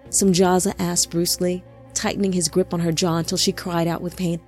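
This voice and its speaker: Woman, narrator, scripted audiobook narration, slow deliberate delivery, lowish voice. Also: steady tone, darkish tone, breathy edge, soft background music. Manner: slow, deliberate, measured reading.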